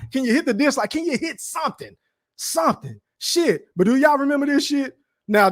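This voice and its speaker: A man's voice: high-pitched, no room sound, clean studio sound. A man hosting a live-streamed podcast, ranting in a heated, mocking, profane way and talking straight to his viewers. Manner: talks straight to his chat audience. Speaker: podcast host. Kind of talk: live-streamed commentary rant.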